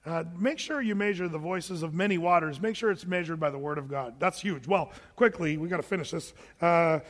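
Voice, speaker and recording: A man's voice: sits high, fairly bright tone, in a large hall. A male pastor preaching a sermon in a conversational way, often acting out imagined questions from his listeners.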